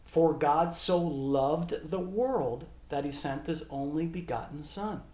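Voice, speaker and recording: A man preaching a sermon and reading scripture aloud in measured tones. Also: fairly high pitch, darkish tone. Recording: echoey room.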